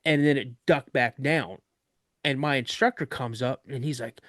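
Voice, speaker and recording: A man guest on a podcast, telling a story of an encounter in an animated way and acting out other people's voices. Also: mid-range voice, moderate pace, dry recording, clean studio sound.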